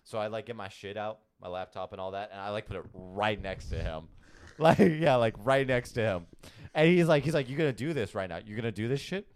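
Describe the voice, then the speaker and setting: A man's voice: lowish voice, expressive, fairly quick, clean tone. A young man on a casual podcast, telling a story with lots of laughs, swearing and quoted dialogue. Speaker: podcast co-host.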